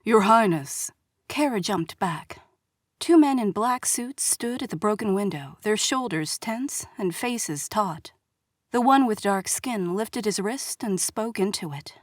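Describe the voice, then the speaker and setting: A woman reading a romance novel aloud as audiobook narrator, measured and expressive, on a studio mic. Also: mid-range voice, no room sound. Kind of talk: scripted narration.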